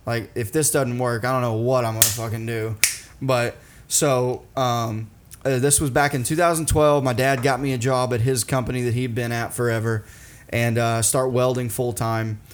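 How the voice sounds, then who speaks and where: A man's voice: mid-range voice, fairly even intonation, moderate pace, a little hiss or hum. Laid-back man hosting a chat podcast. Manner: rambling, laid-back, laughs along. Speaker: podcast host.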